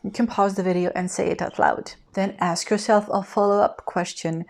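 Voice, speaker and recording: A woman teaching English in a scripted lesson, speaking in a clear, even instructional way and modeling example phrases for the learner. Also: mid-range voice, normal speed, few pauses.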